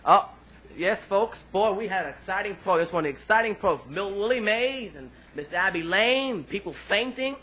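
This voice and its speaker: A man hosting a home-made mock radio street-interview show, excitable and rambling, often tripping over his words. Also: high voice, normal speed, husky, rough recording.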